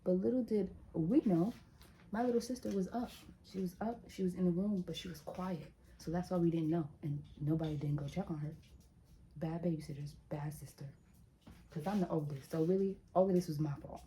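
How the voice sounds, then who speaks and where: A young woman vlogger telling a story in a casual, animated, chatty way, speaking straight to her viewers. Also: on the low side, fairly quick, a little hiss or hum, rough recording.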